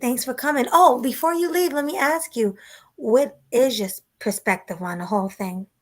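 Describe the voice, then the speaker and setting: A woman co-hosting a casual livestream podcast, chatting in a relaxed way and thanking her viewers. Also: sits high, normal speed. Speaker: podcast co-host.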